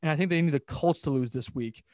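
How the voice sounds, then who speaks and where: Young male sports podcast host, brisk and lively, slightly higher voice, dry close sound, off-the-cuff. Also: no room sound. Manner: animated, rambling, quick recaps of scores. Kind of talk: casual sports talk.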